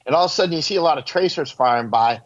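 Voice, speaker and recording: A man's voice: a little high, lively intonation, rapid-fire. A man telling rambling stories as a guest in a casual interview, laughing at his own anecdotes. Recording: dull lo-fi audio.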